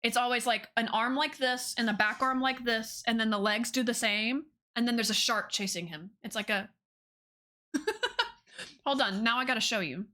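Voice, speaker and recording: A woman's voice: on the high side, moderate pace, sharp tone. A woman streamer chatting casually with her viewers, bubbly and giggly. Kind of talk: casual chat with viewers while drawing.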